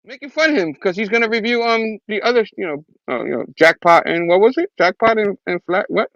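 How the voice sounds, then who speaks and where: High-voiced joking man, dull dry mic. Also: lively intonation, brisk, fairly bright tone, dry recording. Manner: joking, hesitant with fillers. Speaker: show host. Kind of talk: casual chat.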